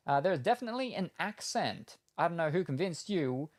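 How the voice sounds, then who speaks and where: Australian streamer, rambling casual chat, dry close sound, mid pitch. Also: sing-song, normal speed, no echo. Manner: rambling and hesitant, many ums; chatty, answers chat, laughs at itself. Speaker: game streamer.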